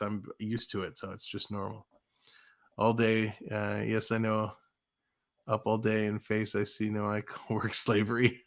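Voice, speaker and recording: Canadian man calling hockey play-by-play. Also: fairly low pitch. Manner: chatty, reads chat aloud, quickens on plays. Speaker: play-by-play streamer. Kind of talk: live play-by-play commentary with chat. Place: home, living in the US.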